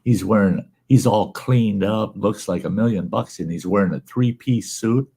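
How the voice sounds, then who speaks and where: Male host, rambling joke-teller, chuckling, lowish voice. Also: moderate pace, creaky, dark tone, slightly rough. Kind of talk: casual joke-telling on a livestream.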